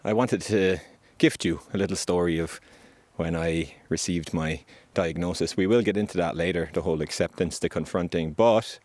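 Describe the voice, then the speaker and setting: A man hosting a vlog, speaking gently and earnestly about gratitude and acceptance while out on a hike. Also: low voice, dry recording. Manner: gentle, earnest, spiritual, unhurried with pauses. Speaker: podcast host sharing his survival story. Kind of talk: reflective spoken vlog on a hike. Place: outdoors on a hillside.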